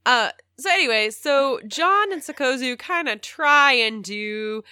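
A woman's voice: high-pitched, lively intonation, measured pace, pushed and bright, smooth, dry recording, clean studio sound. A woman co-hosting a podcast, chiming in easily during a recap chat. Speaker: podcast co-host.

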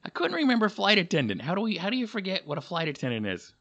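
A man's voice: high voice, wildly swooping pitch, quick pace, dull audio, background noise. A male comedian talking through a casual, rambling monologue, full of fillers and self-deprecating asides. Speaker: comedian and podcast host.

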